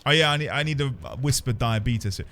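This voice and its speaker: A man's voice: mid-range voice, fast talker, a bit bright. A man streaming a video game live, chatting and joking as he plays and reading place names aloud. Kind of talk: live gameplay commentary. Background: game music.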